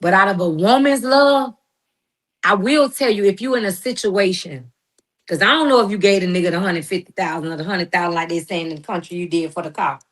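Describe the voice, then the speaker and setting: A woman's voice: lowish voice, fairly quick, a bit bright. A middle-aged woman in a heated, emphatic monologue, confronting someone with slang and preachy turns. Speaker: guest responding to critics.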